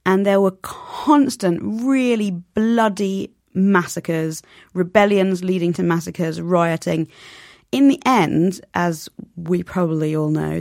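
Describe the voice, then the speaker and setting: A woman's voice: lowish voice, creaky, a little mellow, no room sound, clean studio sound. A woman, a novelist, talking animatedly as an interview guest and acting out quoted voices. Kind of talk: conversational interview.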